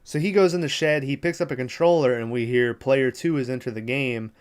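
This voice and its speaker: A man's voice: medium pitch, fairly even intonation, fairly quick, smooth. A young man hosting a podcast, casually recapping a movie plot in a loose, rambling way with lots of fillers and swearing. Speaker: podcast host.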